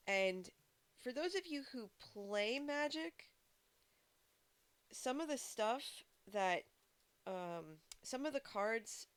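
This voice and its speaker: A woman live-streaming a game, chatting casually with her viewers in a rambling way full of fillers and restarts. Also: medium pitch. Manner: talks to chat viewers. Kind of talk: casual live-stream chat while playing.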